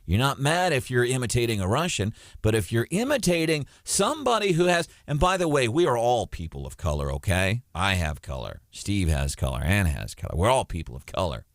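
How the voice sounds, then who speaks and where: A man hosting a talk radio show, opinionated and animated. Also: mid-range voice, brisk, few pauses, no echo, studio quality. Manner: opinionated, animated, takes calls. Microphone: studio microphone.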